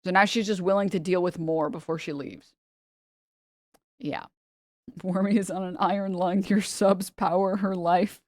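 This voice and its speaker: An American woman with a lowish voice chats loosely with her stream while reacting to videos, blunt and swearing freely. Her tone is steady and unhurried with frequent pauses, and the sound is close and dry with no room around it.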